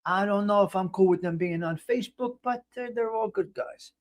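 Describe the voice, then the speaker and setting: A man's voice: high-pitched, fairly quick. A man hosting a casual live stream, talking in a blunt, rambling way with frequent restarts. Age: 50s. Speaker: host.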